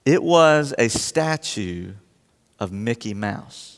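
A man telling a personal story to a live audience and acting out his own reactions in a lively, anecdotal way. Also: a little high, moderate pace. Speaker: speaker addressing a live audience. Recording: long hall reverb.

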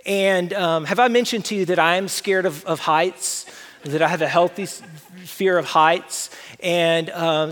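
A middle-aged man telling a personal story to an audience, animated and self-deprecating. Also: high-pitched, moderate pace. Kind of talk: storytelling talk with slides. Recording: long hall reverb.

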